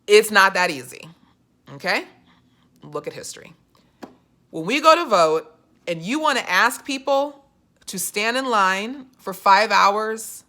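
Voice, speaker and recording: A young woman with a bright, clear voice vlogs about politics in a loose, chatty way. She tells her story with lots of "you know" and jumps into quoted voices as she goes, then comes back to firm, pointed commentary. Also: mid-range voice. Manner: animated storytelling, acts out quoted voices, many fillers. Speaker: political vlogger. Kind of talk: casual political commentary vlog.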